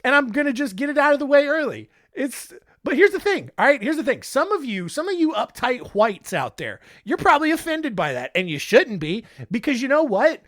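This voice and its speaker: A man's voice: very high voice, very animated, brisk, a bit bright, dry recording. A man hosting a comedic storytelling podcast, rambling with joking, defensive asides and frequent laughter, on a close mic. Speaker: podcast host.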